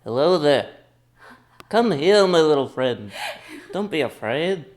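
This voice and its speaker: A young man putting on a wise old space knight mentor who speaks softly and coaxingly, pitched a little higher than his usual voice. He sounds kindly and reassuring, with a touch of distance in the sound. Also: very animated, slow pace. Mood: gentle.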